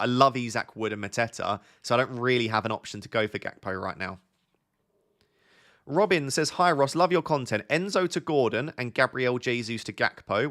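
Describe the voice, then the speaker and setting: A man's voice: medium pitch, fairly bright tone. A young man from Essex with a southern English accent, chatting casually on a live stream, reading out viewer questions and giving friendly advice as he thinks aloud. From Essex, England. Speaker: fantasy football streamer.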